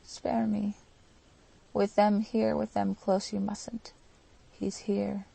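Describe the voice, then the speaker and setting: A woman's voice: medium pitch, little pitch movement, slow, gravelly, warm tone, heavily acted, poor audio. A woman voicing an impassioned young woman in an audiobook, pleading and emotional. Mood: imploring.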